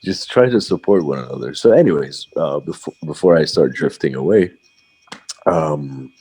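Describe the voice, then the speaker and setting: A man's voice: extremely low pitch, expressive, moderate pace, warm tone, breathy edge. A man from Bahrain, a voice-over artist, talking reflectively as a podcast guest with frequent fillers and restarts. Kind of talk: casual interview talk.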